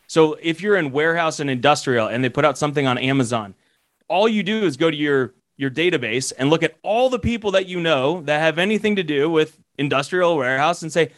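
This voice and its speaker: This man, a commercial real estate broker and mentor, offers sales advice on a casual podcast. His voice is a little high and a little fast, and he rambles, restarting his thoughts again and again.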